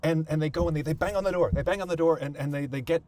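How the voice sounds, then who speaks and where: A man hosting a podcast, telling a personal family story in a halting way, often repeating words and thinking aloud. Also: fairly high pitch, a little mellow. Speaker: podcast host.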